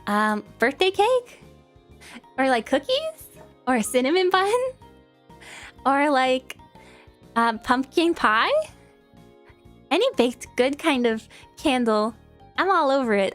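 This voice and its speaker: High-voiced giggly New York woman streamer. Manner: giggly, lots of fillers and restarts. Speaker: streamer answering viewer questions. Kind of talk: casual chat. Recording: faint music behind.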